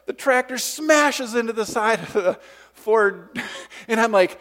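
Animated storytelling pastor, man. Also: extremely high pitch, measured pace. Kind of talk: sermon storytelling. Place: church sanctuary.

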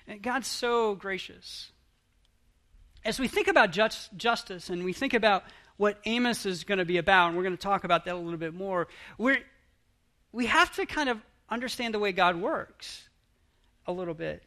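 A pastor preaching a sermon in an earnest, halting way, often restarting his phrases. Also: sits high, bright, forceful tone.

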